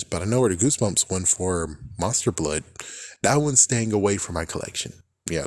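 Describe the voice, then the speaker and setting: Young guy vlogging, low voice, rambly and sweary, laughs a lot, dry close sound. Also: dry recording. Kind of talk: casual rambling monologue.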